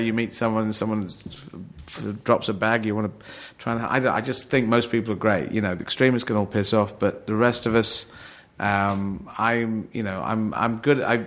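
A middle-aged man born in Yemen, a comedian chatting on a podcast, rambling and playful, slipping into quick mock voices. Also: fairly low pitch, steady tone, fairly bright tone. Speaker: comedian guest. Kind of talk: casual podcast chat.

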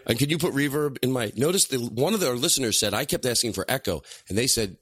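A man hosting a comedy podcast in a studio, chatting in a rambling, excitable way with lots of laughing and restarts. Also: mid-range voice, quick pace, few pauses, dry recording. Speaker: podcast host. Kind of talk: casual comedy podcast chat. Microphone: studio microphone.

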